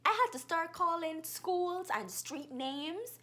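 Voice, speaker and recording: A young woman in her twenties with a Bahamian accent, telling stories quickly and animatedly in a casual vlog. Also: extremely high pitch. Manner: fast-talking, animated storyteller.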